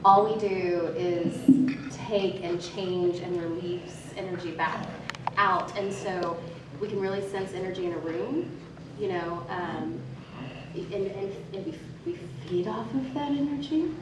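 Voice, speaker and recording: A woman's voice: lowish voice, a little slow, distant mic, noisy background. Earnest woman in an echoey hall. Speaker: actor and panel co-host. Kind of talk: convention panel chat. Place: convention panel room. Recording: echoey hall recorded from afar.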